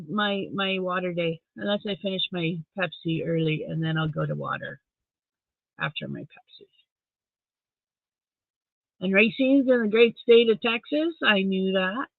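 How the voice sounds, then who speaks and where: A man's voice: high-pitched, creaky, no room sound. A man from Saskatchewan, Canada, hosts a casual late-night live stream from home, reading viewer comments aloud, answering them, and talking to his dog. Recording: dry, phone-like sound.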